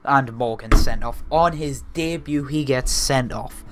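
Excitable young man narrating a football sim. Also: mid-range voice, measured pace, hardly any pauses, soft background music. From north-east England. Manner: excitable, swings from muttering to shouting and laughing. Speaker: gaming video host. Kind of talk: let's-play commentary over a football management game.

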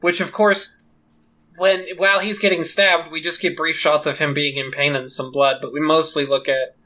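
A podcast co-host recaps a TV episode in a casual chat. The voice sounds bright and mid-pitched. The delivery rambles, with expressive retellings of the scenes. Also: moderate pace, low-quality recording.

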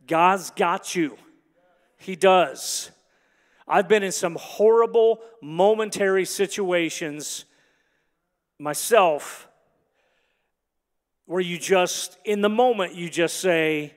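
A man preaching a sermon as pastor, moving from quiet, halting reflection to emphatic, rising delivery. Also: high-pitched. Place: large church hall. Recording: long hall reverb.

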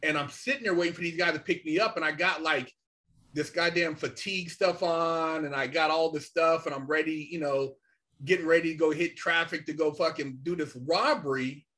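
A middle-aged man telling a story casually and animatedly, swearing often and filling pauses with "you know" and "man". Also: on the high side. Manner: animated, swears a lot, many fillers. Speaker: podcast guest.

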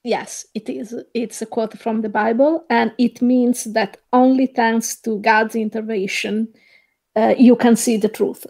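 A woman guesting on a podcast, explaining religious history in a measured way with frequent hesitations. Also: on the high side, steady tone, darkish tone. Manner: measured, hesitant with many "uh" fillers. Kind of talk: explaining, casual chat.

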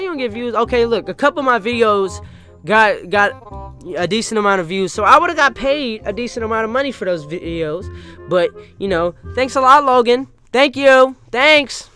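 Young male gaming YouTuber, high-pitched, profane and animated casual rant. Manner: profane, animated, peppered with "bro" and "you know what I mean".

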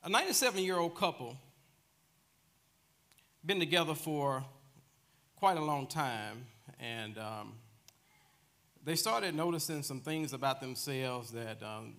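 A man's voice: mid-range voice, expressive, measured pace, long pauses, a bit bright. A man preaching a sermon as minister, telling a joke story with chuckles before his teaching.

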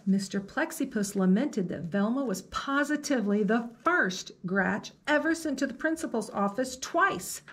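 A woman librarian reading a picture book aloud to children, slow and gentle, stopping to ask the listener questions. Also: a little high, lively intonation.

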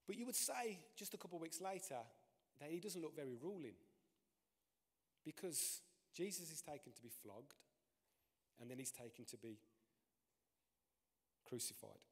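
A man preaching a sermon as pastor, animated, his voice climbing and dropping in pitch and loudness. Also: normal speed, pauses often. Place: church. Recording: long reverb of a church hall.

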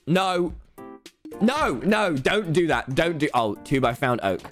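Excitable young man streaming a game. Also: fairly high pitch, slow, faint music behind. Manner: excitable, frequent laughing and yelling, repeated words. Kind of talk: live gameplay stream commentary.

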